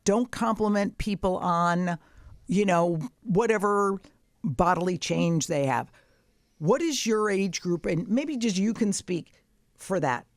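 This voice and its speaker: A woman's voice: medium pitch, expressive, slow pace, no echo, studio quality. Brash, profane woman in her sixties. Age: 60s. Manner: brash, blunt, profane joking. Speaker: podcast host. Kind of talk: casual chat.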